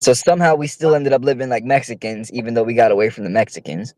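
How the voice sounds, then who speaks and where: A man rants through a personal story on a casual podcast, swearing freely and working himself up as he goes. His voice sits at an ordinary pitch, and the recording is dry and close. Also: fast, darkish tone, no echo, low-quality recording. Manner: profane, heated storytelling. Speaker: podcast co-host.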